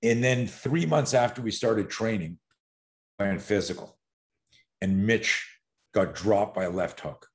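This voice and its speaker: This man in his sixties has a low-pitched voice. He is an animated guest who tells stories with profanity. He acts out quoted lines as he goes. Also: unhurried. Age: 60s. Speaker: self-defense expert guest. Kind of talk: podcast storytelling.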